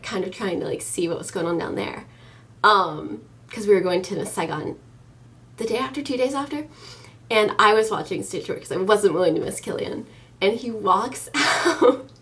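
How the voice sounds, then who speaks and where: Chatty young woman with a slightly gravelly voice. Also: mid-range voice, animated, normal speed, fairly bright tone, recorded from a distance. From United States. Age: early 20s. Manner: chatty and enthusiastic, many ums and likes. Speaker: vlogger. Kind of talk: casual chat to camera.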